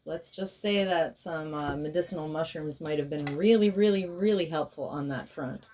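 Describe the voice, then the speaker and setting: Woman w a lower voice rambling thru a spiritual card reading, lots of asides, then chanting affirmations over n over. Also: moderate pace, dark tone, a little hiss or hum. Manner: rambling, chatty asides, drops into intense repeated incantations. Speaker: tarot reader and spiritual healer.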